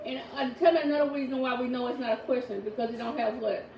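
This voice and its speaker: A woman in her thirties leads a home grammar lesson in a firm, deliberate way, her voice pitched high. The recording is roomy and echoey, caught from a distance. A steady background noise sits under her speech. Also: gravelly. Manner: firm, slow and deliberate when reading sentences aloud. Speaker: homeschooling mother teaching her children. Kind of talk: classroom instruction. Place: home table with children. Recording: echoey room, mic far off, background noise.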